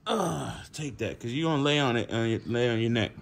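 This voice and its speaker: A young man, telling a casual story at home, animated, laughing often and swearing freely. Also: medium pitch, fairly quick, creaky. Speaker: vlogger.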